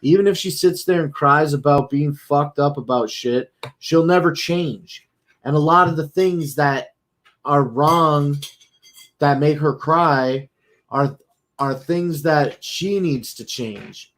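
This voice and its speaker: A man's voice: a little high, slow pace, fairly bright tone. A man streaming, talking casually in a blunt, profane, rambling way. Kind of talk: casual talk.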